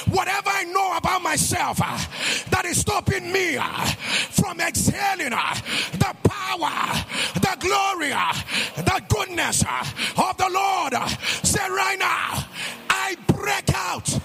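A man preaching a charismatic sermon, shouting in a sing-song cadence, leading the congregation in repeated calls and speaking in tongues, with frequent "uh" between phrases. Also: very high-pitched, lively intonation, slow, gravelly, faint music behind.

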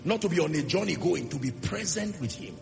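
A man preaching a sermon to a church congregation, emphatic, with rhetorical questions and swings between loud declarations and soft asides. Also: fairly high pitch, animated, a little fast, vocal fry. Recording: long hall reverb with music underneath. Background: music.

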